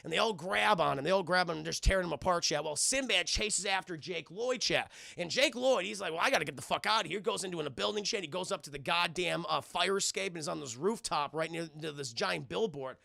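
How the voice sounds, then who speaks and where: A young man with a high, gravelly voice recaps a film to his live chat, cursing and rambling as he keeps calling out to the viewers. His tone is bright and sharp. The sound is close and completely dry. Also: fairly quick, hardly any pauses, no echo. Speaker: streamer and film reviewer.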